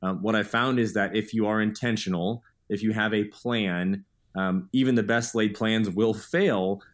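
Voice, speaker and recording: A man's voice: on the low side, fairly even intonation, normal speed. A man in his thirties, a guest author telling stories in an earnest, upbeat way in a podcast interview.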